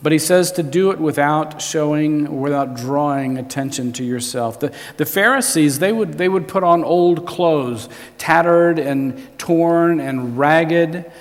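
A man preaches to his congregation in a relaxed, conversational sermon style, often repeating a word before he finishes a thought. His voice sits a bit higher than most men's. The recording carries a long reverb tail, as in a church hall. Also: normal speed, hardly any pauses. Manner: conversational, repeats words as he restarts. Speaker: pastor.

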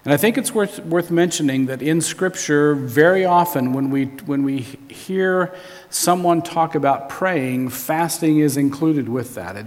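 A man's voice: mid-range voice, a little slow, a little mellow, big-room sound. A man preaching a sermon as a pastor, in a conversational way that often restarts and repeats words.

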